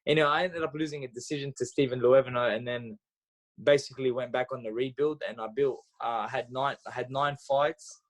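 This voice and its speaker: A man in his thirties talks as a guest on a podcast. His voice sits in an ordinary middle pitch. He tells stories eagerly and loosely, with plenty of fillers and restarts. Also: fairly quick. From Australia. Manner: animated storyteller, acts out dialogue, frequent fillers and restarts. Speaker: podcast guest, former boxer. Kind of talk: casual interview storytelling.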